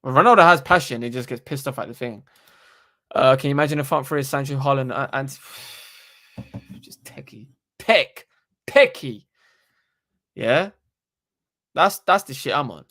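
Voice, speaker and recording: A young man, hosting a casual live stream into a desktop microphone and talking in an animated, slangy, sweary way. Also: mid-range voice, normal speed, pauses often. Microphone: desktop USB microphone.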